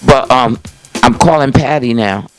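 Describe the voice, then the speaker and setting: A man's voice: medium pitch, unhurried, over music. Folksy older man hosting a call-in show. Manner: folksy, chatty, full of restarts and "you know". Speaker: host of a call-in talk show. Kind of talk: casual rambling monologue to viewers. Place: small indoor set filmed by a cameraman. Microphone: speakerphone call on camera.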